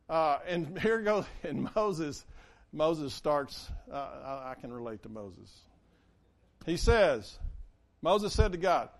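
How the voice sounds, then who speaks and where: A man preaching a conversational sermon, acting out the quotes he reads. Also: high-pitched. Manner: conversational, animated, acts out quotes. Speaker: pastor.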